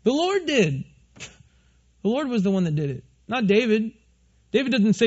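A pastor preaching a sermon to his congregation from the stage, animated and asking them questions. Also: sits high, moderate pace, long pauses, muffled recording. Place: church stage before a congregation.

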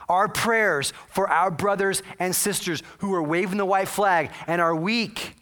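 A man's voice: high-pitched, measured pace, pushed and bright. A man preaching a sermon, telling a story with earnest, dramatic delivery. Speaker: pastor.

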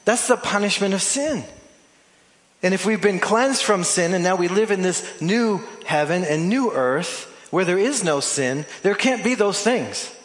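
A pastor preaching a sermon, animated, shifting between loud emphasis and soft drawn-out phrases, with playful asides to his congregation. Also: high-pitched. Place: church sanctuary. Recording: long hall reverb from a church.

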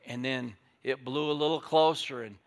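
An older man preaches a storytelling sermon in a gravelly, fry-touched voice at a middle pitch. He drops low and quiet for asides, then rises loud and emphatic to drive his points home. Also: fairly even intonation, moderate pace. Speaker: pastor.

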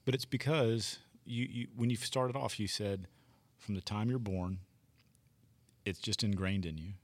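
A man's voice: fairly low pitch, steady tone, measured pace. A man in casual talk-show chat, rambling thoughtfully with plenty of fillers. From United States.

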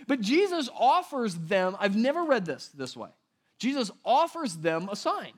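A man preaching a casual, conversational sermon, animated and acting out the people in the passage. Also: sits high, unhurried, pauses often. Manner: animated, conversational, acts out voices in quotes. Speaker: pastor.

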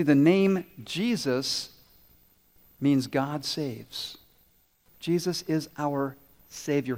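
A man preaching a lively children's sermon who asks the kids questions and answers them himself. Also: fairly high pitch. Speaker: pastor. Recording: long reverb in a large hall.

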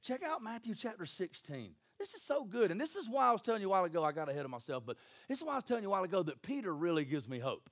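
A man, preaching a sermon in a church with jokey, animated storytelling and acted voices. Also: high-pitched, very fast, few pauses. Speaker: pastor.

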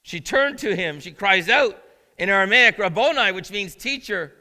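A man's voice: high-pitched, lively intonation, measured pace, sharp tone. A male pastor preaching a sermon in a conversational way, asking the listeners questions as he goes. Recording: long reverb of a large hall.

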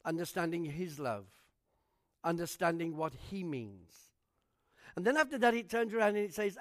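Casual: guy pastor with a high voice preaching, tells stories and does everyone's lines, gets loud then drops low. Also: normal speed. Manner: animated preacher acting out quoted voices. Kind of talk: storytelling sermon.

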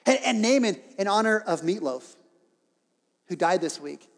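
A man preaching a sermon, telling a story in a lively way with joking modern asides. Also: high voice, normal speed, creaky. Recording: reverberant hall.

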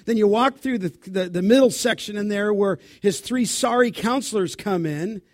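A man preaching a sermon as pastor, asking the congregation questions and answering them himself, and reading scripture dramatically, with his voice rising loud for the quotes. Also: high-pitched, moderate pace, no echo. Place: church.

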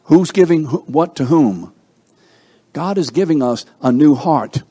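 A man preaching a sermon, asking the congregation questions and swinging between emphatic and hushed delivery. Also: fairly high pitch, expressive, measured pace, slightly rough. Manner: call-and-response questions to the congregation.

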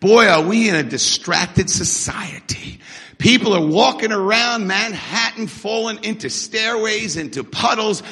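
A middle-aged man preaching a sermon with energetic call-and-response, in a church hall. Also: high voice, a little slow. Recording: echoey hall.

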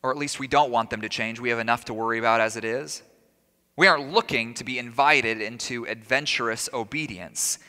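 A man's voice: mid-range voice, brisk, sharp tone. A man preaching a sermon as a pastor, talking in a conversational way, asking rhetorical questions and adding humorous asides. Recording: long reverb of a large hall.

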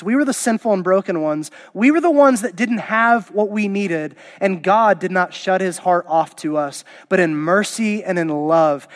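A man's voice: high voice, no room sound. A man preaching a sermon as a pastor, passionate and emphatic, his voice rising into exclamations. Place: church auditorium.

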